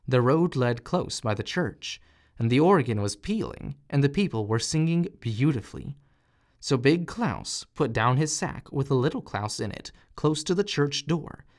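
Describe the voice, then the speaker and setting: A man narrating a fairy tale audiobook in an expressive, animated reading style. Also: mid-range voice. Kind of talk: storybook narration.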